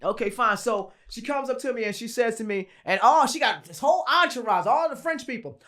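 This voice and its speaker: Animated, bright-voiced woman telling stories. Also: a little high, fairly quick, few pauses. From Philadelphia. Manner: animated, slangy, profane storyteller who acts out quotes. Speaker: guest. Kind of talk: casual interview storytelling.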